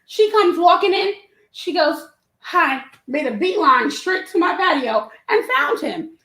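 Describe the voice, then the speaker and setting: High-voiced woman telling a funny story. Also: a little slow. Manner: animated, laughing, acts out quotes. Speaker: event promoter, guest. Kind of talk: casual storytelling. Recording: roomy echo.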